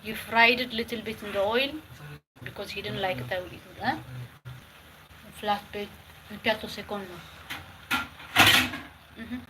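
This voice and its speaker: A woman's voice: mid-range voice, steady tone, normal speed, long pauses. A woman talking casually as she cooks at home, giving advice and repeating her phrases, with some Italian words mixed in. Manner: talks while cooking, repeating phrases, mixing in Italian words. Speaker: home cook vlogger. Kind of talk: casual cooking vlog with advice. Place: home kitchen. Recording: noisy kitchen with clattering dishes.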